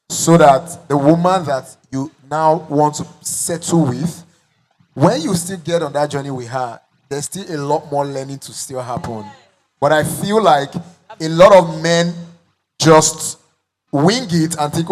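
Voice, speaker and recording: A man hosting a panel discussion, speaking in a reflective, measured way. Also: on the high side.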